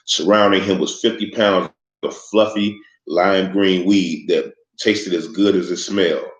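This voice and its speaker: Man, audiobook narrator, steady reading, deep voice, slightly dull sound. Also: unhurried. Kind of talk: scripted narration. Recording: echoey, slightly muffled room recording.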